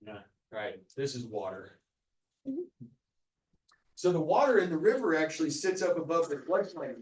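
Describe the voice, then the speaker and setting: A man's voice: fairly high pitch, sing-song, moderate pace, darkish tone, recorded from a distance. A man giving a university lecture in a casual, joking way, often checking in with "right?". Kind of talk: classroom lecture. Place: lecture hall. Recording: echoey lecture hall, speaker off mic.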